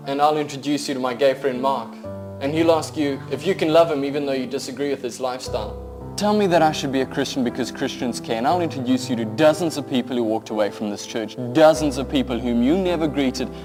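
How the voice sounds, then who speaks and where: A man delivering a scripted, intense spoken-word monologue that builds to impassioned outbursts. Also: medium pitch. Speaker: narrator. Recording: voice over loud background music.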